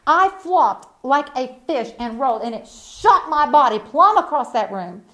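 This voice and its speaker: A woman delivers a sermon in a fairly high, lively voice that climbs and dips all over. She tells her story folksy and plain, jumping from loud emphatic bursts to hushed asides. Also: measured pace. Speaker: preacher.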